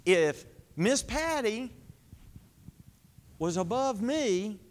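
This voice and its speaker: A man preaching a sermon, asking the congregation questions and answering them himself, swinging between high emphatic lines and low quiet ones. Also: big pitch swings, extremely slow. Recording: long hall reverb.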